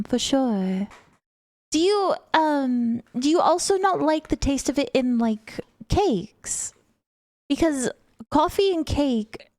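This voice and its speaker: A woman's voice: sits high, warm tone, no room sound. A young woman streaming, chatting casually and affectionately with viewers.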